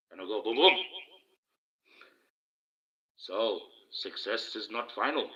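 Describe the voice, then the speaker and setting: A man talks slowly through a face mask on his live stream, his lowish voice muffled. He drags out every phrase in a deliberate, unhurried way. The audio comes through a cheap, dull-sounding phone microphone. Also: sharp tone. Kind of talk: casual live-stream talk with motivational sayings. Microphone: cheap phone with the microphone low down.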